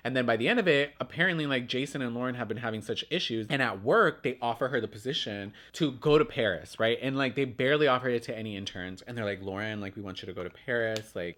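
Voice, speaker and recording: A man's voice: medium pitch, a bit bright. A young man chatting casually and gossiping while doing his makeup, with lots of "like" and loose swearing. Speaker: beauty vlogger.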